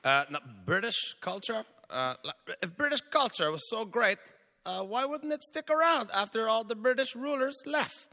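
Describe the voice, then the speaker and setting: A man's voice: high-pitched, animated, moderate pace, bright, forceful tone. Man teasing playfully. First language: French. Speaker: comedy debater. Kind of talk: stand-up debate speech. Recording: live hall, audible noise.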